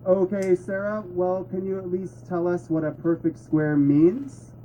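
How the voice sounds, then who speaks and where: A man playing an upbeat math teacher calling on students in a bright, encouraging voice. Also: high voice, fairly even intonation, measured pace, a little hiss or hum, pitched above the performer's own voice, rough recording.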